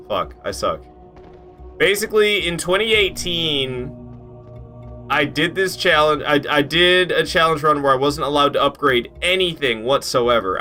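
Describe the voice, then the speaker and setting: A man's voice: mid-range voice, pushed and bright. A man streaming a video game, chatting casually with his viewers, swearing often and sounding amazed at his own old run. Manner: incredulous, swears freely, talks to chat. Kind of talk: casual live-stream commentary.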